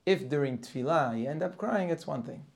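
A man gives a Torah class for Rosh Hashanah, quoting Hebrew verses and translating each one. His voice sits a little high and swings widely in pitch, and he grows louder as he presses a point. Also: lively intonation, a little fast, creaky.

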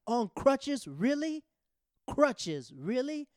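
A man's voice: very high voice, big pitch swings, drawn-out words, no room sound, clean studio sound, pitched above the performer's own voice, heavily acted. A man voicing an indignant young male friend who squawks in outrage. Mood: outraged.

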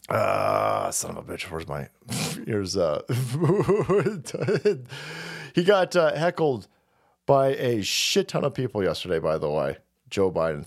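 This streamer host has a lowish voice with vocal fry. His crude, profane political rant rambles along as he mocks, chuckles at his own jokes, trails off, and mutters asides.

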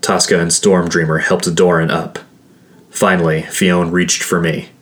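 Deep, slow male storyteller. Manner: measured, steady storytelling. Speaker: narrator. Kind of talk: first-person story narration. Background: faint music.

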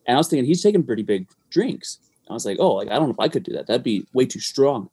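A man's voice: medium pitch, sing-song, mellow, breathy edge. A man co-hosting a podcast, chatting casually and filling his talk with "like". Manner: quick, casual, many "like"s. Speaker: podcast co-host. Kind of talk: casual chat.

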